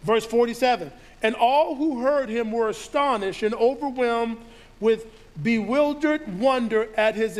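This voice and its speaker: A man preaching to his congregation, reading scripture aloud and riffing on it with frequent restarts. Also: very high-pitched. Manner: reads scripture aloud and riffs on it, with many restarts. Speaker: pastor. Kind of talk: sermon.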